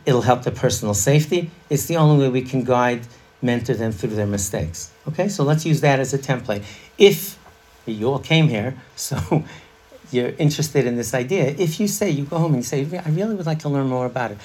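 A man's voice: mid-range voice, lively intonation, normal speed, a little mellow. A middle-aged man leading an interactive parenting workshop, chatty and laughing, quizzing a live audience.

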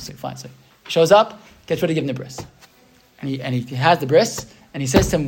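A man's voice: on the high side, quick pace, a little mellow, slightly rough. A man giving an earnest sermon, telling a story and often repeating his phrases and asking "right?".

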